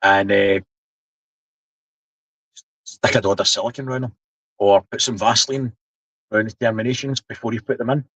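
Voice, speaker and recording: A man's voice: on the low side, fairly even intonation, normal speed, pauses often, fairly bright tone, husky, dry recording, dull audio. A man in his seventies with a Scottish accent, chatting casually on a live stream, explaining things while he reads the chat. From Scotland. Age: 70s. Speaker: livestream host.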